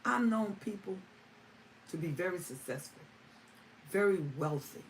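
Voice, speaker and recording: A woman's voice: fairly low pitch, expressive, a little slow. A woman hosting a live stream, answering viewer comments and repeating phrases for emphasis. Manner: emphatic, repeating lines for stress. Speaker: livestream host. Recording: distant mic with faint ambient noise.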